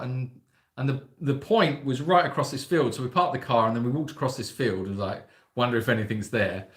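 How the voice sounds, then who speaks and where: A man's voice: mid-range voice, a bit bright, roomy sound. A man co-hosting a casual livestream, telling stories with a joking, rambling manner. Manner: jokey storyteller, slips into silly put-on voices. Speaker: sanctuary co-host on a livestream.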